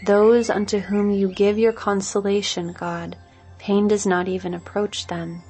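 A woman reads devotional scripture in a slow, measured recitation. Her voice has a gravelly, husky grain, and soft music plays faintly behind her. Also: medium pitch, level tone. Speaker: scripture reader.

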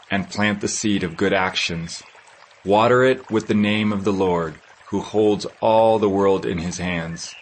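Male scripture reader, solemn and measured, very slow delivery, slightly low voice. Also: slight background noise, rough recording.

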